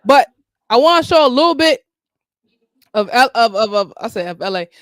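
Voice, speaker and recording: A woman hosting a casual livestream call, talking in a relaxed, slangy way with her co-hosts. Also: a little high, normal speed, no echo, studio quality. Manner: slangy, relaxed, talks with friends. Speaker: livestream host.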